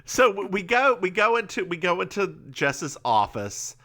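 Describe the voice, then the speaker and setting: A man with a Southern accent, co-hosting a podcast and recapping a TV episode in a joking, animated way. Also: high-pitched, moderate pace. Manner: animated, joking, mimics characters. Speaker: podcast co-host. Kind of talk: casual recap chat.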